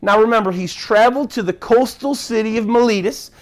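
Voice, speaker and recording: A man's voice: sits high, fairly quick. A man preaching a sermon as pastor, earnest, often repeating and restarting his words.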